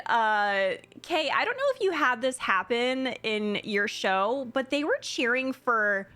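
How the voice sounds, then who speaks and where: A young woman from Florida, a streamer, chatting with live viewers in a bubbly, gushing way with excited gasps. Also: a little high. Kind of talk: casual chat with live viewers. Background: faint game music.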